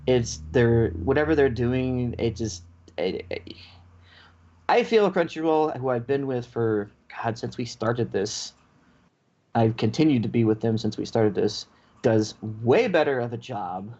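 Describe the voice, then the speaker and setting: A podcast co-host with a mid-range, darkish voice goes on a casual rant, playing both parts of the story himself. The recording has a dull, lo-fi podcast quality.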